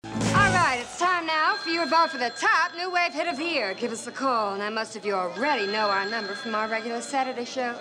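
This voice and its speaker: A woman's voice: on the high side, fairly quick, natural voice, poor audio. Woman playing a sassy TV show host. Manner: brassy, sassy, upbeat. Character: brassy female radio-TV show host. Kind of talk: film acting. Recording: film soundtrack with music behind.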